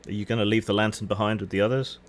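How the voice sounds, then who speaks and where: Male game master, low voice, unhurried scene-setting narration. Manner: relaxed, descriptive, hedging with "sort of". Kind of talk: narrating a tabletop game online.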